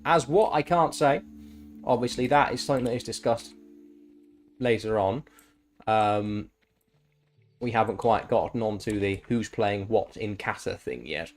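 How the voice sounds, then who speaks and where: A man chatting casually and with enthusiasm while streaming a game, swearing freely. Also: fairly low pitch. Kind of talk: casual chat while gaming.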